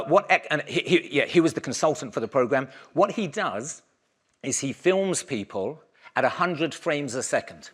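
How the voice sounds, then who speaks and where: A man giving a conference keynote, talking in a lively, conversational way and raising his voice to give the audience instructions. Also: medium pitch. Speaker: keynote speaker.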